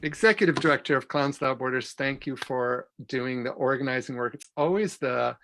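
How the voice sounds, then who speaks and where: A man's voice: medium pitch, a little fast, fairly bright tone, slight background noise. A man on a panel giving earnest, grateful closing remarks. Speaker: guest panelist.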